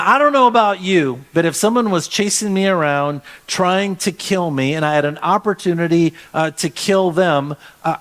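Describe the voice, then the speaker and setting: A man's voice: sits high, fairly bright tone. A man pastor preaching a sermon in a conversational way, often restarting phrases and stretching words for emphasis.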